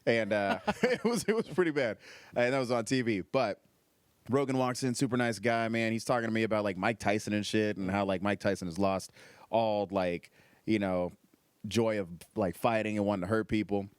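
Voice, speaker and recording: A man's voice: lowish voice, normal speed, clear, resonant tone, no echo. A man, a stand-up comedian, telling a loose, profane story in casual chat with lots of fillers.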